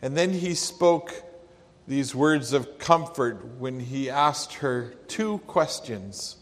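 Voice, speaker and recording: A man's voice: mid-range voice, lively intonation. A man preaching a sermon, in an earnest and reflective way. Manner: slow, earnest, reflective delivery. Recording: long hall reverb.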